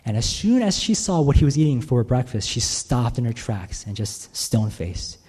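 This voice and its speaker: A man's voice: mid-range voice, sing-song, normal speed, warm tone, slightly rough. A male pastor preaching a sermon in a conversational way, often checking in with the listeners with "right?". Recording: long reverb in a large hall.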